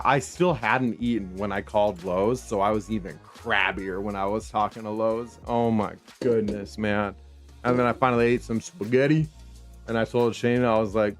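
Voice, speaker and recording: A young man streams a video game from his room, talking to his viewers in a relaxed, slangy way and calling them brother and homies. His voice sits at an ordinary middle pitch. Faint music plays softly behind him. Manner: laid-back, slangy, talks to chat as homies and brother. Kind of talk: casual live-stream chat while gaming. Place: home room.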